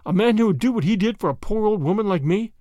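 A man's voice: high-pitched, animated, fast, dark tone, no echo, dull audio. A man voicing a kindly, stubborn old grandmother who speaks earnestly and plaintively.

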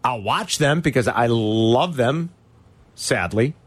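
A man hosting a sports talk radio show, an animated fan who rants about his teams. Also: medium pitch, slow pace, no echo.

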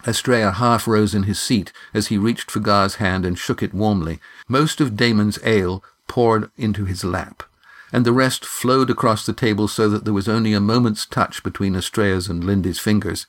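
A man narrating an audiobook in a measured, even reading style. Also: on the low side. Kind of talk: scripted narration.

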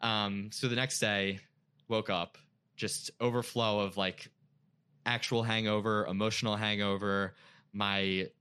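A man's voice: fairly low pitch, level tone, unhurried, bright, forceful tone, clean tone. A young man, a podcast guest, telling an emotional personal story in casual chat, full of filler words.

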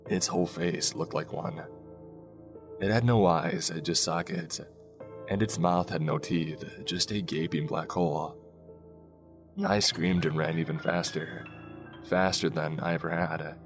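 A man narrating a first-person scary story in a slow, hushed way, with soft music behind him. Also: low voice, fairly even intonation. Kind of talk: scripted horror story narration. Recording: faint background music.

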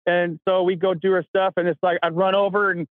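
A man from Kentucky, an actor, telling stories in casual chat, animated and acting out the voices of people he quotes. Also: sits high, a little fast, clear, resonant tone, no room sound, narrow, tinny audio. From Kentucky, USA. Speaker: actor guest.

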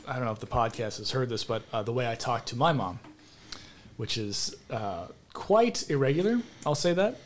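A man's voice: medium pitch, expressive, moderate pace, slight background noise. A man telling blunt, profane stories about his family in a casual podcast chat.

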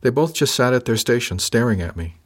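A man reading a first-person science fiction story aloud in a measured, dry manner. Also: medium pitch, animated. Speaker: narrator. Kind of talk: scripted first-person audiobook narration.

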